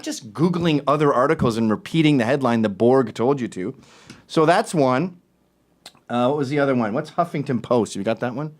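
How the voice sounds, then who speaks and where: A man hosting a talk show, ranting in an animated, sarcastic way, jumping between loud remarks and muttered asides. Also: medium pitch, a little fast. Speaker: show host. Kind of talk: opinionated talk-show rant.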